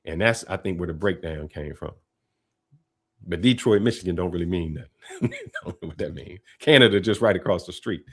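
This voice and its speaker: Chill guy, kinda low voice, talking over a clip on his show. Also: fairly quick, husky. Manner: relaxed, conversational, laughs often. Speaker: host. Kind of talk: casual commentary.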